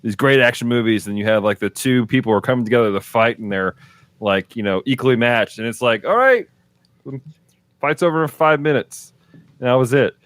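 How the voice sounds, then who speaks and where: A man co-hosting a movie podcast, explaining his view in measured casual chat. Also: lowish voice, fairly even intonation, no echo. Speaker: podcast co-host.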